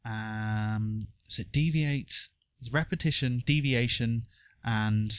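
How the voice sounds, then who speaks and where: A man's voice: mid-range voice, slow, fairly bright tone, clear, resonant tone, dry recording. A man casually hosting a podcast quiz, playful and joking, rambling a little between questions. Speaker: quiz host.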